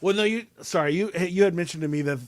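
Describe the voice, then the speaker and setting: A man hosting a podcast over a video call, chatting casually and rambling with many pauses and fillers. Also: sits high, no room sound. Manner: rambling, hesitant, lots of uh and um. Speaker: podcast host. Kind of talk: casual chat.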